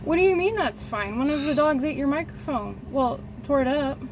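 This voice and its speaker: A chatty woman films a casual vlog at home, her voice sitting a touch high. She coos at her dogs between remarks, and a clear hiss of home noise runs under everything. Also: lively intonation, moderate pace. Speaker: vlogger, animal rescuer. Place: home kitchen. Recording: noisy home recording.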